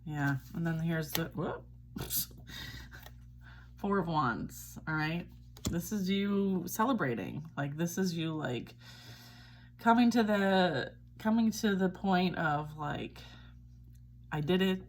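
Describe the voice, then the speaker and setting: A woman's voice: on the low side, lively intonation, slow, slight background noise. A woman giving a casual tarot reading, chatty and reassuring, often checking in with "all right?". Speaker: tarot reader.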